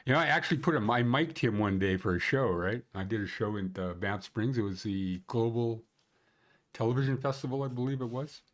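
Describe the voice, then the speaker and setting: A man's voice: mid-range voice, brisk. A man hosting a ski conditions livestream, rambling and joking as he thinks aloud. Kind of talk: casual livestream chat.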